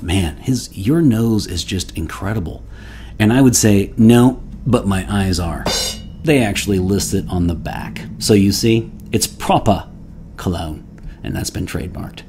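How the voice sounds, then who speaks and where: On his own fragrance review channel, a man with a lowish, mellow voice talks casually and rambles, putting on playful mock outrage and restarting many times.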